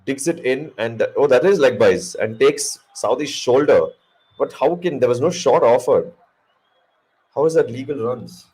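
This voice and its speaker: A man hosting a casual live cricket watch-along, excitable and joking, cursing freely at the action. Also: medium pitch, a little slow, husky, rough recording. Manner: excitable, swears, jokes. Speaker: live stream host.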